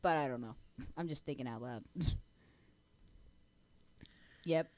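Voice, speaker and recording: A woman's voice: takes it slowly, darkish tone. A woman co-hosting a casual podcast, rambling and giggling while acting out imagined scenes. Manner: giggly, rambling, acts out quotes in squeaky voices. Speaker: podcast co-host. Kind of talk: casual chat.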